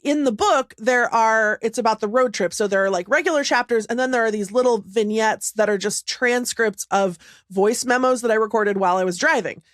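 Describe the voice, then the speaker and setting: A woman's voice: a little high, a little fast, dry recording, studio quality. A woman co-hosting a casual podcast, talking in a rambling, self-deprecating way and often laughing. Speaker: podcast co-host. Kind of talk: casual chat.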